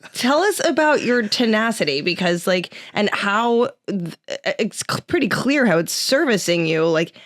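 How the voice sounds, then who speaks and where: A woman hosting a podcast in casual chat, rambling and halting as she asks her question. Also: mid-range voice, lively intonation, no echo, clean studio sound. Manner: rambling, halting, many fillers and restarts. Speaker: podcast host.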